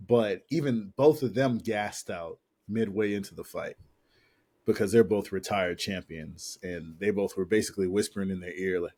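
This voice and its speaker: A man's voice: low-pitched, normal speed, dark tone. A man co-hosting a podcast, chatting casually in a rambling, slangy way and often repeating himself. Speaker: podcast co-host. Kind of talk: casual chat.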